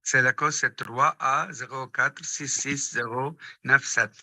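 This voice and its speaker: A man working as a court interpreter, speaking haltingly with restarts and fillers. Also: mid-range voice, steady tone, pushed and bright, no room sound, poor audio. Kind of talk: courtroom testimony.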